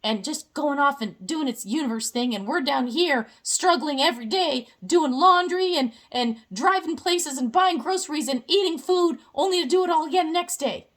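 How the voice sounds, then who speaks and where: A woman's voice: high voice, animated, normal speed, few pauses, a bit bright. A young woman giving a casual, playful explainer with jokey asides.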